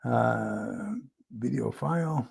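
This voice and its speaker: A man's voice: medium pitch, very slow, gravelly, darkish tone, breathy edge. A man hosting a casual live stream, rambling with many fillers as he reads a document aloud and fumbles with screen sharing. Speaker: livestream host.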